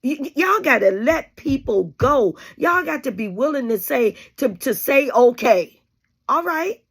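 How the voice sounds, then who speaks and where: A woman's voice: high voice, lively intonation, normal speed, creaky, slightly rough. A woman host giving emphatic, preachy relationship advice straight to her audience, calling them honey and baby. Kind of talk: direct-to-camera advice talk.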